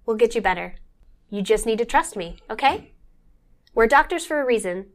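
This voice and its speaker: A woman's voice: on the high side, animated, normal speed. A woman voicing an eerie female doctor in white robes who speaks with a strange, alien-like sweetness. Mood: soothing.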